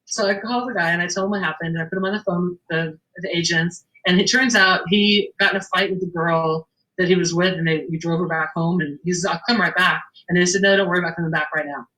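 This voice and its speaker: A woman's voice: fairly low pitch, quick pace, rough recording. A middle-aged woman, a shop owner, telling an anecdote in a casual interview, acting out the dialogue and laughing often. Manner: animated storyteller, acts out the dialogue, laughs often.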